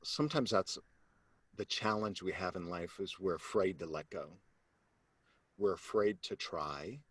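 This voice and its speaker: A man, a sales coach, telling a personal story as an interview guest, animated and acting out the voices of the people in it, then turning low and earnest to make his point. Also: a little slow, breathy edge, no echo. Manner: animated storyteller who acts out quoted voices; drops to a low, earnest tone when making a point.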